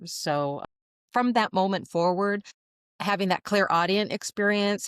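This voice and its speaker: Woman in her 60s, chatty storyteller, smooth clear voice, dry close sound. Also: sits low, no room sound. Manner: chatty, laughs often, many fillers. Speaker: guest channeler. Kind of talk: storytelling in a podcast interview.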